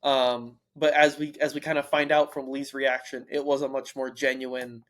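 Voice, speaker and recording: A young man co-hosting a casual book podcast, thinking out loud with many fillers and restarts. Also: mid-range voice, flat delivery, normal speed, slight background noise. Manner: rambling, stream of consciousness, many fillers and restarts. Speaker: podcast co-host.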